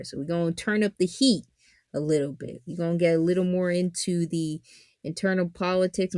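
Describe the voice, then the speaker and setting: Animated joking woman podcast host. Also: no room sound, clean studio sound. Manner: animated, joking, swings from loud exclamations to low asides. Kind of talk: casual anime analysis commentary.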